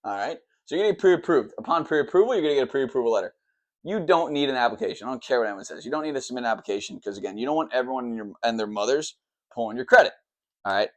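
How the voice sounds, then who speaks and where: A man who works as a mortgage lender, explaining the loan process at a whiteboard in a quick, rambling way, always checking in with "okay" and "all right". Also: medium pitch, expressive, fairly bright tone. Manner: says he talks fast and tries to slow down.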